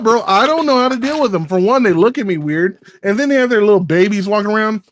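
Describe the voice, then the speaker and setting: A man's voice: high-pitched, expressive, fast talker, few pauses, a little hiss or hum. Rambling profane man with a Texas twang. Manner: rambling, profane, many restarts. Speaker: podcast co-host. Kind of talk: casual chat.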